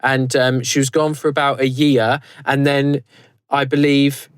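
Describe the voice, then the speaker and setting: A British man co-hosting a podcast, talking in a loose, rambling way and often breaking off to restart a sentence. His voice is mid-pitched and sounds close and dry, with little room around it. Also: little pitch movement, measured pace, clear, resonant tone, dry recording. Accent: British English. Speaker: podcast co-host. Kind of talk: casual podcast chat. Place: recorded live in a converted prison.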